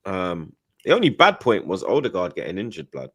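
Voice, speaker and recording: Low-voiced host, slang-heavy casual football stream chat. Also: male voice, huge pitch swings, brisk, slightly rough. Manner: London slang-heavy, says 'blood' and 'you get me' often.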